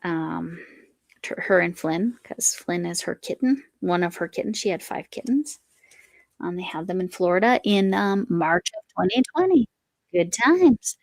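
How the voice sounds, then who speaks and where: A woman's voice: lowish voice, expressive, measured pace, gravelly, darkish tone, no echo. A woman hosting a casual live chat while she crochets, reading viewer comments aloud and talking to her cat. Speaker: livestream host.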